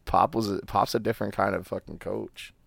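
Gravelly, low man in casual sports banter. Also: fairly even intonation, brisk, dry recording. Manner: profane, rambling, laid-back storytelling. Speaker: podcast co-host.

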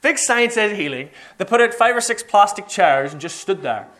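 A man preaches a story-driven sermon, and his fairly high voice swings widely in pitch. He talks with animation and acts out the voices of the people he describes. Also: expressive, normal speed, a bit bright.

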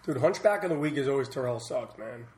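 A man's voice: medium pitch, animated, fast, darkish tone, slight background noise. A man co-hosting a casual sports podcast, talking in loose slang and ending his phrases with "man". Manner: slangy, tags lines with "man". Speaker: podcast co-host. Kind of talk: casual chat.

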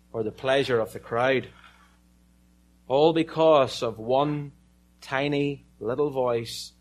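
Irish man preaching a storytelling sermon. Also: medium pitch. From Ireland. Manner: storytelling, dramatic pauses, joking asides.

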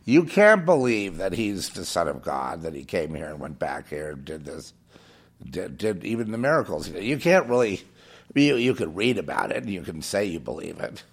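A man's voice: deep voice, sing-song, normal speed, slightly rough. A man preaching on air in a fervent, scornful monologue, hammering points home by repeating phrases. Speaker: radio preacher.

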